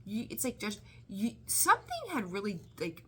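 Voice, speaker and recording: A woman's voice: mid-range voice, lively intonation, normal speed, breathy edge. A woman giving a casual tarot reading, rambling and swearing freely with exasperated outbursts. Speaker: tarot reader.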